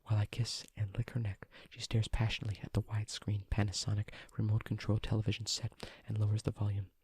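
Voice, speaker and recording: A man reading a novel aloud as a whispered role-play, in a hushed, even manner. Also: on the low side, fast, slightly rough, dry recording. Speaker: audiobook reader.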